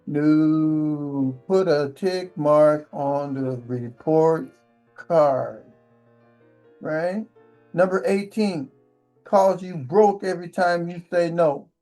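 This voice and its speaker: A channel host delivers a relationship advice monologue in a man's voice that sits on the high side, with a dark tone and an extremely slow pace. He rambles through stories and keeps tagging lines with a rhetorical "right?". Soft music plays in the background.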